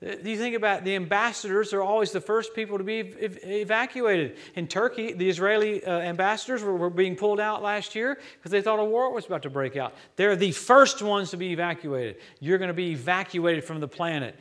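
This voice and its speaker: Man, American accent, guest preacher, high voice, lively jokey sermon. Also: fairly quick, hardly any pauses. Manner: lively, jokey preaching with sudden loud peaks.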